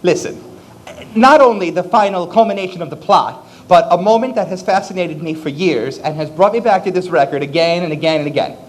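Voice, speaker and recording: A man's voice: sits high, a little fast. A man playing a lonely middle-aged musical fan, narrating with wry, conversational asides to the audience. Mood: wistful.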